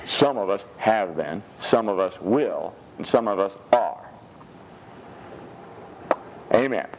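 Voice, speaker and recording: A male pastor preaching a sermon in an animated way, dropping frequent amens. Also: fairly low pitch, slow pace, a little hiss or hum, rough recording. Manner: animated, punctuates with "amen".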